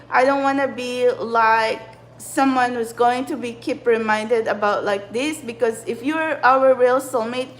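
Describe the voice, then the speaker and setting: Agitated woman ranting, high voice. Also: poor audio. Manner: agitated, profane, repetitive rambling. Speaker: spiritual channeler and vlogger. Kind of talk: angry spiritual vlog rant.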